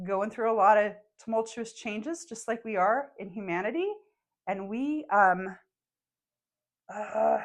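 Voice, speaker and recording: A young woman leads a guided meditation in a soft, unhurried voice. She is emotional and close to tears as she speaks. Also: medium pitch. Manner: soft, slow and tearful. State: emotional, crying.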